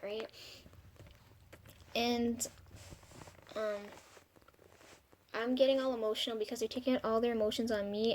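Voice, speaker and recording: Rambling young woman with a flat, high voice. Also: a little hiss or hum. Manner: rambling and confessional, frequent ums, swears casually. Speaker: vlogger. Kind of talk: personal video diary.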